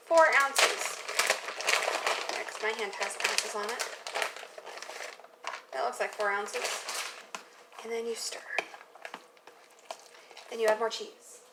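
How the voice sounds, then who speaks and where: A young woman talking casually through a recipe in her home kitchen, rambling and poking fun at herself as she goes. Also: on the high side. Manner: rambling, self-mocking asides. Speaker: cooking vlogger. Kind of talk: casual cooking demo chat. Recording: noisy home kitchen audio.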